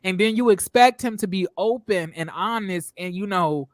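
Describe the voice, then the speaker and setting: A man hosting a casual review show, talking in an animated, emphatic way and acting out what people on the show said. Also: high-pitched, moderate pace, dry recording. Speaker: show host reviewing reality TV. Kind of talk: casual commentary.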